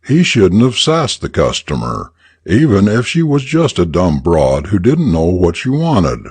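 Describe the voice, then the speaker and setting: Man, story narration, husky voice, lively intonation, dry close sound. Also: low voice, dry recording. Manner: expressive, deliberate reading. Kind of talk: audiobook story reading for English learners.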